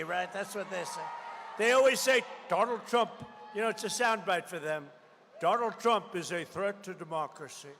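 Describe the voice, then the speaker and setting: A man giving a campaign rally speech, combative and repetitive, hammering slogans with bursts of shouting. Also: sits high, gravelly, a little hiss or hum. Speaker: political candidate at a rally. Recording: long reverb of a large rally venue.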